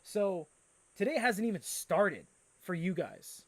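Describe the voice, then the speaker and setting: A man hosting a live stream, chatting casually and reading out viewer comments with excitable energy. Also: sits high, slow pace, dry recording. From Canada. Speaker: livestream host.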